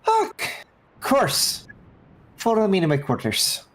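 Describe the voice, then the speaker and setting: A man's voice: high-pitched, wildly swooping pitch, measured pace, pitched above the performer's own voice, full character voice. A man voicing a flamboyant female elf army captain with an airy, drawling manner in a tabletop game. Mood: breezy. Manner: airy, drawling, calls people darling.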